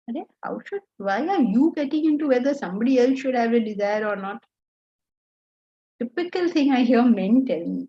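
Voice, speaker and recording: A woman with an Indian accent teaching Vedanta to students, animated and scolding, full of rhetorical questions. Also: on the high side, normal speed, muffled recording. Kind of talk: lecture to students.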